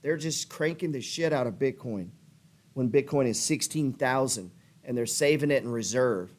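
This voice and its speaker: A man's voice: medium pitch, normal speed, a little mellow. A middle-aged man hosting a trading show, ranting in a fired-up, pushy way and swearing freely as he works himself up. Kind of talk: profane motivational rant.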